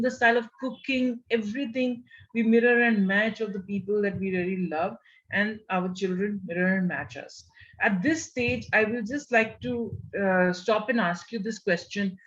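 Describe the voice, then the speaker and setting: A middle-aged woman gives a motivational panel talk over a video call, quizzing her listeners and often saying "you know". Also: fairly high pitch. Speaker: panel speaker. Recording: muffled video call audio.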